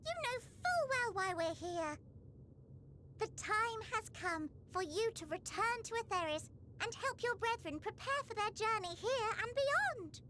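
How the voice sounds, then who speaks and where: A woman voicing a chirpy, excitable otherworldly creature in a game scene, speaking in a bouncy, cheeky, exclaiming way. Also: extremely high pitch, measured pace, background noise. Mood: teasing. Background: game music.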